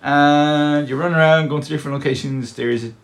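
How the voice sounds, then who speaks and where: A man's voice: a little high, steady tone, brisk, gravelly. A man co-hosting a podcast, explaining a board game in rambling casual chat and swearing freely. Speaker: podcast co-host.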